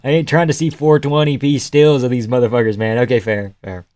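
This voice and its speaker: Profane excitable young man streaming. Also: mid-range voice, fairly quick. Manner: excitable, profane, laughing, yells at the screen. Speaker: streamer watching fights. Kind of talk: live reaction stream, casual profane chat.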